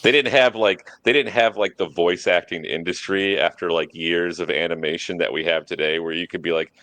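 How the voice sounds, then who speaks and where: Very deep-voiced man in casual chat. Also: fairly even intonation, brisk, a bit bright, no room sound. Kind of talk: casual movie discussion.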